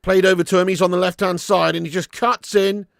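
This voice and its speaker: A man hosting a live football watch-along, who shouts at the big moments and laughs a lot between them. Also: high voice, fairly quick, vocal fry, no room sound, clean studio sound. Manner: excitable, shouts at goals, laughs often.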